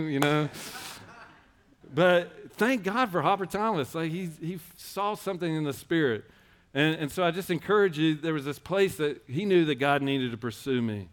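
A man's voice: fairly high pitch, a bit bright. Rambling, earnest man preaching. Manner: rambling, self-interrupting storytelling; earnest, exhorting the congregation. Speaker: church speaker. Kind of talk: personal testimony sermon.

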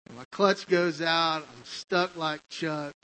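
A man's voice: a little high, slow pace, bright, forceful tone, low-quality recording. A man preaching a testimony sermon, telling his story in a conversational way with frequent asides to the listeners.

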